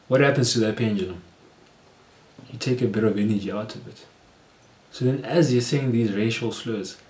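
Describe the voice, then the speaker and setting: A man giving earnest, steady advice straight to his viewers in a vlog. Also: fairly low pitch. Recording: roomy echo.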